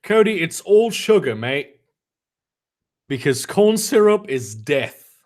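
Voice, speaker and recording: For comedy, a man reads a fan fiction story out loud, stopping between lines to mock it with sarcastic remarks. His voice is a little high with big pitch swings, and he goes slowly.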